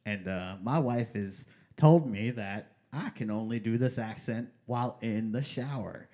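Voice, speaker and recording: A man co-hosting a livestream, bantering casually in a relaxed, sheepish way. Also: mid-range voice, unhurried. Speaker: stream co-host.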